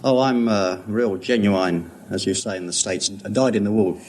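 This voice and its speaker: Low-voiced Cockney man on hissy radio. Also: moderate pace, a little mellow. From East End of London. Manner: good-humored, hesitant. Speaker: quiz contestant. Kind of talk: 1950s radio quiz banter. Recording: hissy 1950s radio broadcast.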